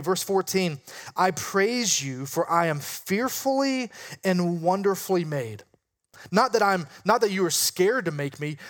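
A man leading an interactive Bible study, questioning the group and explaining points with emphasis. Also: fairly high pitch.

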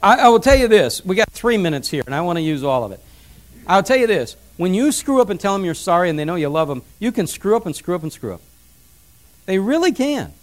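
A man's voice: sits high, very animated, quick pace. A middle-aged man preaching a sermon, emphatic, repeating his points and telling family stories. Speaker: pastor. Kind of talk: sermon on parenting.

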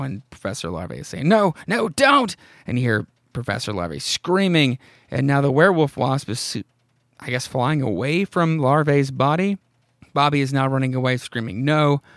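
A man's voice: medium pitch, dry recording, clean studio sound. A man hosting a podcast, recapping an old horror comic in a rambling, profane, amused way and reading its dialogue aloud. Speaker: podcast host. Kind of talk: casual comic-book recap.

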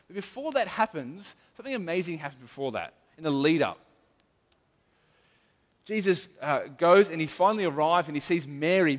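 A middle-aged man preaching an earnest, emphatic sermon as a pastor, often restarting his sentences. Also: a little high. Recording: long hall reverb.

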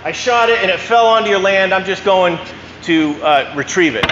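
A man's voice: sits high, expressive, normal speed, lo-fi sound, noisy background. A man voicing a meek, whining duck hunter, hesitant in his speech, in an echoey church hall. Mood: whiny. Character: whiny out-of-state male duck hunter, meek.

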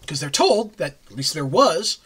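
Bright, husky-voiced man recapping a game. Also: fairly high pitch, big pitch swings, normal speed. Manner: rambling, jokey asides. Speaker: game master recapping a campaign. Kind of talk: casual tabletop campaign recap.

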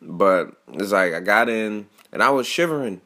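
A man's voice: fairly low pitch, animated, moderate pace, sharp tone. A young man hosting his own podcast, telling rambling stories in a casual, profane, slang-heavy way. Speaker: podcast host. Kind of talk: casual solo podcast monologue.

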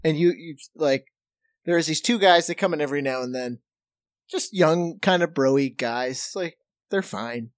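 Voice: mid-range voice, a little slow, dry recording, studio quality. A podcast co-host in casual chat, telling a story from work in a chatty way.

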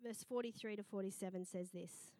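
A middle-aged woman pastor, preaching a sermon in a lively storytelling manner. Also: mid-range voice, brisk, no room sound. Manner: lively storytelling, acting out quoted voices.

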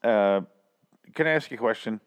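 A man's voice: on the low side, moderate pace, clean tone, no echo. A man co-hosting a podcast in casual comedic chat, joking crudely and often slipping into mock voices. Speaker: podcast co-host.

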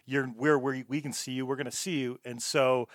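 A man's voice: medium pitch, fairly even intonation, fairly quick, a bit bright, no room sound, studio quality. Man asking long rambling questions. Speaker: podcast host. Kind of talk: casual interview chat.

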